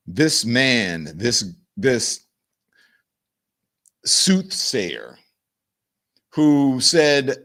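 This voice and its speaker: A man's voice: fairly low pitch, expressive, unhurried, pauses often, fairly bright tone. A man hosting a live commentary show, speaking with emphatic enthusiasm. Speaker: host.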